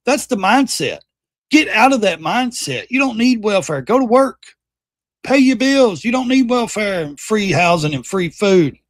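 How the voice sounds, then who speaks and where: A man's voice: high-pitched, sing-song, unhurried, no echo, studio quality. A man hosting a livestream, giving heated political commentary in a blunt, profane rant. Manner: mocks by quoting others in put-on voices. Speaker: livestream host.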